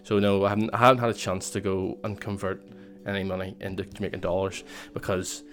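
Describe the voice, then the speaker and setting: A man's voice: sits low, little pitch movement, fast, fairly bright tone. A young man casually telling a personal story, rambling with lots of fillers and restarts. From Northern Ireland.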